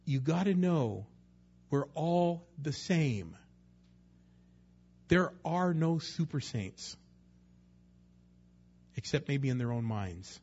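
A man's voice: fairly high pitch, animated, takes it slowly, long pauses, a little mellow, highs cut off. A man preaching a sermon in a conversational way, sometimes acting out the voices of people he quotes. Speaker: pastor.

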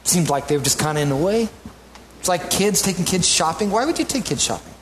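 Animated man preaching a sermon. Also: high-pitched, fairly quick, slight background noise. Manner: animated, rising to emphatic peaks; conversational asides to the congregation. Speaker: pastor.

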